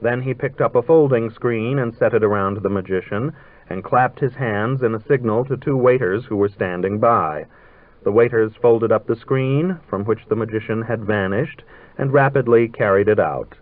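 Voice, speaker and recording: Dry-voiced male reader on old radio. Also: lowish voice. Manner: measured, dryly ironic storytelling. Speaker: narrator. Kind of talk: literary story reading. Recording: tinny old radio broadcast.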